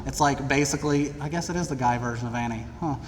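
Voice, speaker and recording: A young man from Middle Tennessee telling funny stories about his own past to college students, in a lively, theatrical, self-deprecating way. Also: mid-range voice, quick pace. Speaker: speaker addressing college students. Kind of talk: humorous personal storytelling. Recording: long reverb of a large hall, faint background noise.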